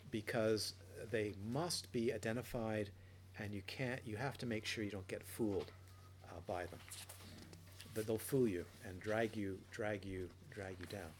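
Speaking at a normal speed in a lowish voice, a male meditation teacher tells stories during a relaxed dharma talk, restarting often and voicing characters playfully. There's faint background noise.

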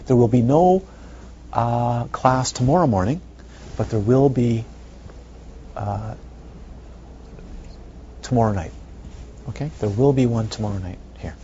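In this dharma talk, a male meditation teacher speaks in a dark, mid-range voice, a little slowly and with long pauses. He asks playful rhetorical questions and repeats phrases, captured on a dull lo-fi recording with a faint hiss.

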